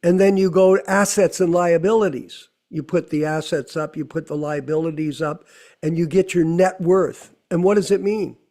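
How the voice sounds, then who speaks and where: A man's voice: on the high side, fairly even intonation, normal speed, dark tone. A middle-aged man giving a conversational sermon, full of rhetorical questions. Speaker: temple speaker.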